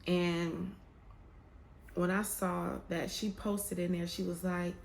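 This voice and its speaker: A young woman talks candidly and emotionally to her camera about faith and waiting, in a casual, heartfelt vlog. Her voice is lowish with vocal fry, her delivery flat and slow, and her speech colloquial and drawling. The room has some echo, and there's a faint hiss or hum.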